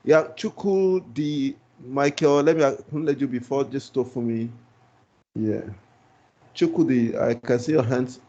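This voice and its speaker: Man instructor, patient and repetitive, mid-pitched, dull call audio, faint hiss. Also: unhurried, warm tone. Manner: patient, repeats phrases, reassuring. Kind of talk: live online class teaching. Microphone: video call.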